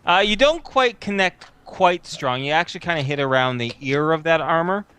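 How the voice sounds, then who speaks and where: A man narrating a tabletop game as game master, thinking aloud with frequent filler pauses. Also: on the high side, lively intonation, pushed and bright, clear, resonant tone.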